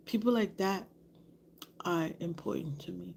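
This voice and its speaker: Slow, gravelly-voiced woman vlogger. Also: on the low side, fairly even intonation, a little mellow, slight background noise. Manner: candid, rambling, often drops to a whisper. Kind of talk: casual storytelling to camera.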